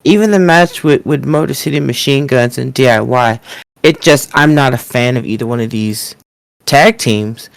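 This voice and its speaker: A podcast co-host giving opinions with hesitant, halting speech. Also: medium pitch, gravelly, no echo.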